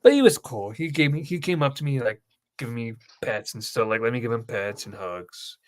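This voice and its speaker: A man's voice: mid-range voice, lively intonation, a little fast. A young man hosting his channel, telling an emotional story in a rambling casual way. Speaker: host. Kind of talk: casual chat.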